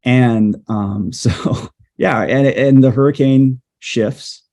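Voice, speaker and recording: A man, a journalist guest, telling a story in a casual interview, lively and peppered with "like". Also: mid-range voice, slow. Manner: lively storyteller, heavy use of "like". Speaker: guest, journalist and storm chaser.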